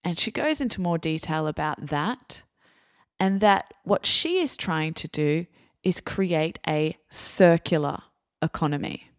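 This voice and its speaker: An Australian woman hosting a podcast, explaining clearly and deliberately before interviewing a guest. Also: deep voice, no echo, studio quality. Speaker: podcast host.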